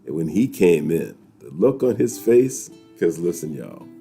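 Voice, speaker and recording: A man from New York, hosting a weekly chat and telling a story to viewers in a lively, laughing way. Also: low voice, a little slow, gravelly, faint music behind. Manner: animated, laughing, talks straight to viewers.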